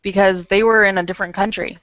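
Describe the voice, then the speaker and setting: A woman's voice: mid-range voice, steady tone, fast talker, a bit bright, dry recording, dull audio. A woman teaching an online English conversation class in a rambling, chatty way, laughing often, speaking through an earphone headset on a video call. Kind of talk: casual online class chat.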